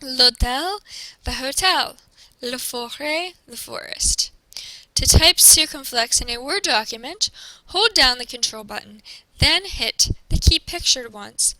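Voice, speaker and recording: A woman teacher narrates a recorded lesson with a high, clear, bright voice. She speaks slowly and carefully and models each pronunciation. The recording is dry and close, with no room sound. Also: animated, no room sound, poor audio. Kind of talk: recorded classroom presentation.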